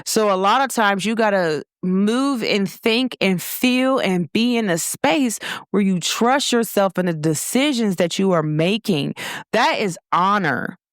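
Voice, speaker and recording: A woman delivers an animated motivational talk. She is expressive and earnest and speaks at a middling pitch. The sound is close and dry. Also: measured pace, no echo. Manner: expressive, animated storytelling with laughs and quoted voices. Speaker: show host. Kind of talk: motivational monologue.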